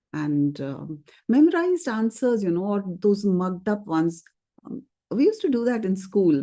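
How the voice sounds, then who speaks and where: A woman's voice: medium pitch, no echo. A woman teaching an exam speaking class in a webinar, talking conversationally with lots of "okay" and "you know". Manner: conversational, lively intonation with frequent fillers and "okay". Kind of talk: webinar lesson.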